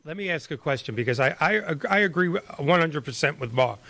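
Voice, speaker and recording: Energetic bright-voiced male host. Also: on the high side, creaky, no echo. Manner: energetic, rapid-fire questioning. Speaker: show host. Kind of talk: panel discussion.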